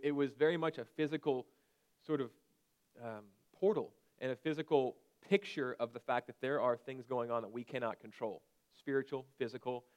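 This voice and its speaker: A man in his thirties preaching a conversational sermon and at times breaking into sharp shouted commands. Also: mid-range voice, smooth. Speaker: pastor.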